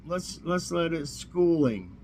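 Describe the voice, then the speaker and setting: A man from Tennessee hosting a casual trivia vlog, a little hoarse, easygoing and chuckling to himself. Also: fairly high pitch, a little mellow, a little hiss or hum, rough recording. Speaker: vlog host. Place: warm room indoors.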